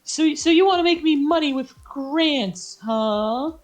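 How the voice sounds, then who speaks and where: A man voicing a small, irritable male gnome shopkeeper who talks fast and squeaky and stammers. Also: lively intonation. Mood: sly. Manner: squeaky, rapid, stammering, exasperated.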